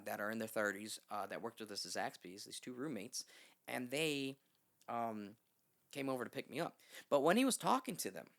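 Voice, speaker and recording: This man has a creaky, mid-range voice. Appearing as a guest in a podcast studio, he spins a long, animated, rambling story, swearing freely and performing the quotes of the people involved.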